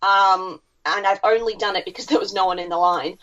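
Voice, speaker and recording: A woman's voice: mid-range voice, fairly even intonation, a little fast, fairly bright tone. A woman co-hosting a podcast, giving wry, opinionated takes and swearing freely. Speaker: podcast co-host. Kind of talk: casual chat. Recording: dull lo-fi podcast audio.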